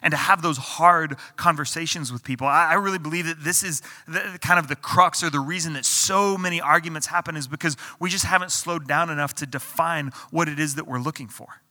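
A man's voice: on the high side, a little fast, hardly any pauses, pushed and bright, in a large hall. A man preaching a conversational sermon as pastor, often stumbling and restarting as he acts out the people in the story. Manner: conversational preaching with repeated restarts and acted-out quotes.

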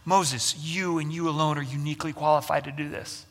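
A gentle, reassuring God , as voiced by a preacher, speaks quietly and tenderly. The voice is bright and sits at a moderately high pitch, with a long hall reverb around it. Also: male voice, steady tone, brisk. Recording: echoey hall.

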